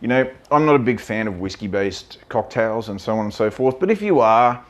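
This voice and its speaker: A man with a fairly low voice talks casually about whisky, blunt and opinionated, swearing freely. He chats loosely with plenty of fillers as he tastes. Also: lively intonation, a little fast. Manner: chatty with many fillers. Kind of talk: casual whisky tasting talk. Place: lives in Vietnam.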